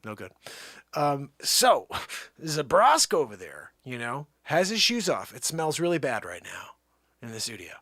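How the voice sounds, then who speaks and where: A man hosting his nightly live show, joking around and swinging between loud hype and low mutters. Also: wildly swooping pitch, unhurried, dry recording, clean studio sound. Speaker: host. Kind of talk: comedic live-stream banter.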